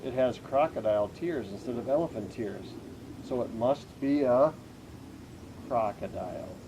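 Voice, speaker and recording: A man's voice: medium pitch, a little slow, background noise, natural voice. A man voicing a clever, confident male detective while reading a children's picture book aloud, eager and exclaiming as he reasons things out. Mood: excited.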